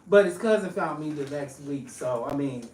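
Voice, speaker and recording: A woman's voice: low-pitched, animated, normal speed, darkish tone. A woman chatting casually as a podcast guest, blunt and joking, laughing often. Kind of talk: casual chat. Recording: echoey room, mic at a distance.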